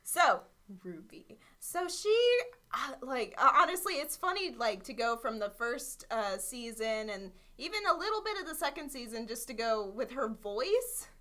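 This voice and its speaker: A woman's voice: fairly high pitch, sing-song, normal speed, hardly any pauses, bright, forceful tone. A woman co-hosting a podcast in a casual, giggly, chatty way. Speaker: podcast co-host. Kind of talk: casual chat.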